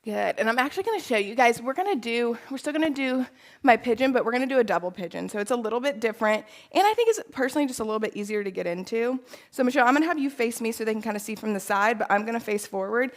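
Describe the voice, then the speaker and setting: A woman with a somewhat high voice coaches a live workout class in an indoor space. She is upbeat and encouraging and laughs often between cues. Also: lively intonation, very fast, few pauses, rough recording. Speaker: fitness instructor.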